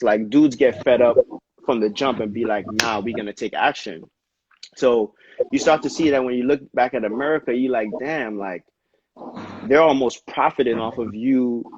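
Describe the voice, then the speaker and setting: A man in casual conversation, telling history in an animated, slangy way, often dropping "yo" and "you know what I mean.". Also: medium pitch. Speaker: dancer and podcast co-host. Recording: slightly dull lo-fi audio with faint noise.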